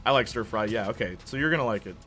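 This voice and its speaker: A man's voice: fairly low pitch, animated, racing, sharp tone, faint music behind. A young Canadian man streaming a game, chatting casually with viewers, rambling with fillers and laughing often. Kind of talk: casual chat while playing a game.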